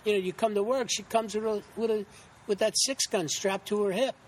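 A man's voice: high voice, steady tone, brisk. A middle-aged man, an actor, telling anecdotes in a casual interview, rambling with many restarts and acting out quotes.

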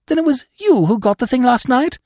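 A man voicing an excitable, flustered young aristocrat who bleats his exclamations high and loud. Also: racing, no echo, studio quality, natural voice. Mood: excited.

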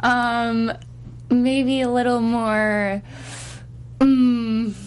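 Slow, hesitant woman singer. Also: a little high, level tone, smooth. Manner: hesitant, pauses with many fillers, laughs easily. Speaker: singer guest. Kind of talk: casual interview chat.

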